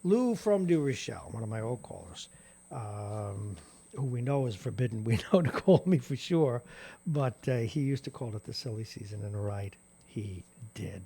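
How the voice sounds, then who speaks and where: A man's voice: medium pitch, expressive, normal speed, vocal fry, dark tone, slightly rough. A middle-aged man hosting a morning radio talk show, delivering an indignant, sarcastic monologue and chuckling at his own jokes. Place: radio studio. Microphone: studio microphone.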